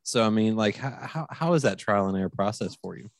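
A man's voice: on the low side, animated, fairly quick, dry recording, clean studio sound. A man hosting a podcast interview, asking long, friendly questions and often repeating words as he goes. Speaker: podcast host.

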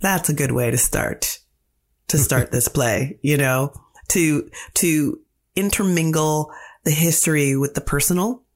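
Animated woman storyteller. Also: low-pitched, a little slow. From Canada. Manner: animated storyteller who acts out quotes. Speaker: playwright. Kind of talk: casual interview talk.

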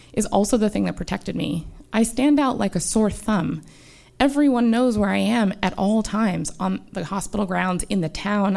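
Woman telling a story, gravelly edge. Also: medium pitch, warm tone. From United States. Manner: earnest and conversational, with many "um" and "like" fillers. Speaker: doctor telling a personal story on stage. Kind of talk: live first-person storytelling. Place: small live-show stage before an audience.

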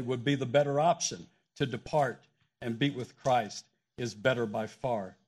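Husky-voiced man teaching scripture. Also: mid-range voice, darkish tone. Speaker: guest preacher. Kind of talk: shared sermon, scripture teaching. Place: church.

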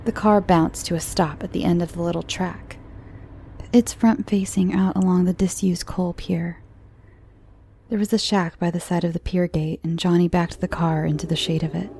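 Woman narrator, horror story reading, steady, measured, dark mellow tone, low pitch. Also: a little hiss or hum.

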